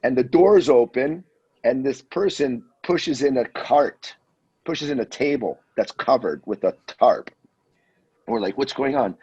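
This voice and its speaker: A man in his fifties telling a wild anecdote in a casual, animated way, acting out the voices of the people in it. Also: mid-range voice, a little slow, breathy edge. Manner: animated storyteller, acts out voices. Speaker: guest storyteller. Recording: dull lo-fi audio.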